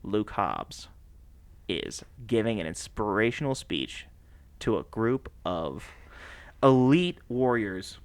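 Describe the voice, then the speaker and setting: A man co-hosting a podcast, recapping a movie plot in a casual, animated way, laughing often and slipping into voices for the characters. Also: lowish voice, takes it slowly, smooth, dry recording. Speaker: podcast co-host.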